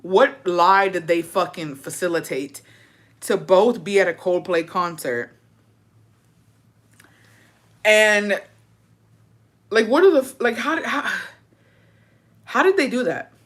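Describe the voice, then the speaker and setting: A woman's voice: mid-range voice, expressive, takes it slowly, pauses often, fairly bright tone. A young woman hosting a casual gossip chat, ranting with plenty of swearing and rhetorical questions. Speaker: host.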